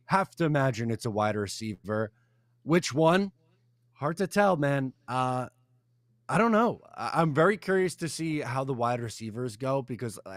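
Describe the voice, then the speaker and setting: Co-host guy thinking out loud about picks, lots of likes and uhs, dry sound. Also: mid-range voice, no room sound. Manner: thinking aloud, hedging with fillers. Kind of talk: casual sports talk.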